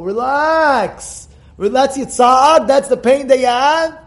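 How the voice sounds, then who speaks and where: High-voiced rabbi, animated and emphatic. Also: male voice, slow. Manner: animated and emphatic, repeats words and phrases; swings from quiet storytelling to loud outbursts. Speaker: rabbi teaching a class. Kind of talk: informal Torah lesson.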